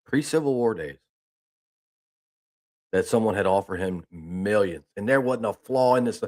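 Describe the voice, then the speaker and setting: Hosting a news talk stream, this man has a lowish, slightly mellow voice and talks at a normal speed. He casually reads out news and spins a folksy, rambling story, restarting often and saying "I mean."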